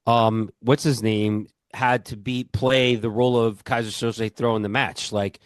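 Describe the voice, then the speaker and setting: A man's voice: fairly low pitch, level tone, measured pace, smooth, dry recording. Man, long island accent, laid-back podcast talk, dry close sound. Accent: New York, Long Island. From Long Island, New York. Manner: laid-back storytelling, many "like"s and "yeah"s. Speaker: podcast co-host. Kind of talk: casual chat.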